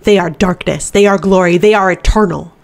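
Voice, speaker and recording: A woman reading an audiobook, voicing a cold, ancient male demon that possesses a man, speaking deep, slow and menacing. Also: creaky, darkish tone.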